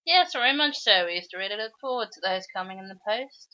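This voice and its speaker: A woman's voice: medium pitch, lively intonation, fast, bright, forceful tone, lo-fi sound. A woman co-hosting a casual podcast, chatting and chiming in with asides. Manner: conversational, chimes in with asides. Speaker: podcast co-host.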